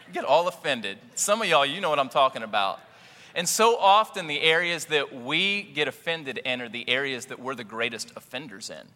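A man's voice: a little high, pushed and bright, big-room sound. A man giving a humorous, conversational sermon as a pastor, acting out little scenes and chuckling often. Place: church sanctuary.

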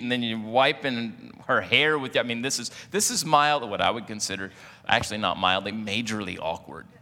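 A man's voice: medium pitch, pushed and bright, big-room sound. A man preaching a sermon in a casual, joking way, often putting questions to the congregation. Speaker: pastor.

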